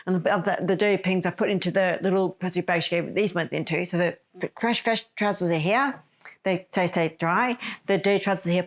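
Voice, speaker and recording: A woman telling a personal story on a podcast, rambling and correcting herself as she goes. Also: fairly low pitch. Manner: rambling, self-correcting, emotional retelling. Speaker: podcast host.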